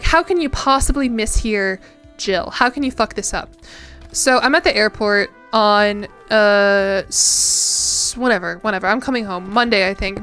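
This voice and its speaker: A woman's voice: mid-range voice, a bit bright. A young woman streamer chatting casually while playing a game, rambling and self-deprecating with frequent giggles. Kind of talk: casual chat while gaming.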